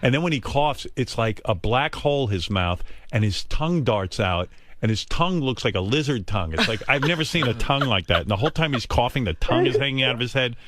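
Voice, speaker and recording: A man's voice: medium pitch, lively intonation, fast, few pauses, fairly bright tone. An American man hosting a talk show, telling wry, self-mocking stories in a casual way. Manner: wry, self-mocking anecdotes, mimics others in quotes. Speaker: radio show host. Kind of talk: casual comic storytelling.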